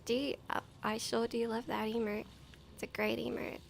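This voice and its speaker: A high-voiced woman streams a game and chats casually, swearing and tired. Her voice has a gravelly fry, and a steady hiss of noise sits under the mic. She drifts into a cooing baby voice for her dogs. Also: moderate pace. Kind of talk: casual gameplay commentary.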